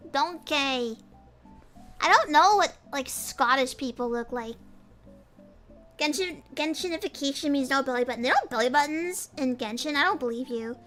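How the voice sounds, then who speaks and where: A woman's voice: high voice, pushed and bright. A young woman streaming casually, rambling and giggling as she reads chat aloud. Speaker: pirate cat vtuber streamer.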